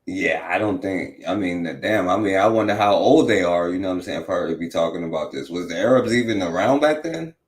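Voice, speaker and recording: A man's voice: deep voice, brisk, few pauses, roomy sound. A man hosting a talk radio show, commenting on a played clip in a rambling, mocking way with lots of filler phrases. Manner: mocking and profane.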